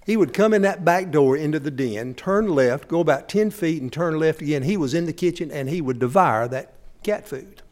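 A pastor preaching in a folksy, storytelling way, often speaking directly to his listeners. His voice sits a bit higher than most men's. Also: lively intonation, normal speed, a little mellow. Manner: folksy storytelling, talks straight to the audience. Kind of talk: sermon.

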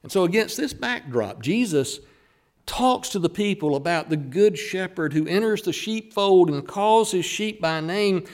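A man preaching a sermon, who slows down and leans hard on the words he wants to stress. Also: high-pitched, animated.

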